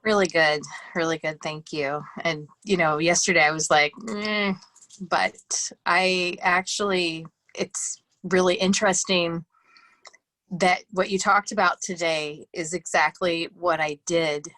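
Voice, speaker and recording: A woman's voice: fairly low pitch, steady tone, measured pace, a bit bright, no echo. A woman in a group sharing, speaking earnestly and from the heart about a personal experience. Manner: earnest and heartfelt, close to tears. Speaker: group participant.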